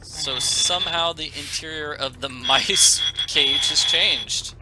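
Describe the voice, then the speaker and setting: A man's voice: fairly high pitch, slow, very noisy. A man doing gameplay commentary as the host of a let's play, making wry, sarcastic asides. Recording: loud game music underneath.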